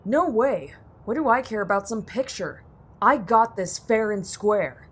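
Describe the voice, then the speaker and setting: A woman's voice: medium pitch, a little fast, a little mellow, slight background noise, close to an everyday voice. A woman voicing a cheeky young boy from the streets who talks back. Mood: defiant. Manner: defiant, mouthy.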